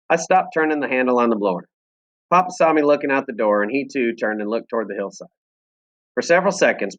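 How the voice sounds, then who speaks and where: A man reading a novel aloud to his class, telling the story expressively and with feeling. He sits in a classroom, and the recording sounds a little dull and muffled. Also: medium pitch. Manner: expressive storytelling with lively voices.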